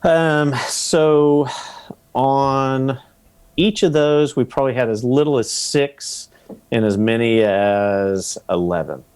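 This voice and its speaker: A man as a podcast guest, explaining rental investing in a relaxed way with examples and acted-out quotes. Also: medium pitch, takes it slowly, smooth. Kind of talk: casual interview talk.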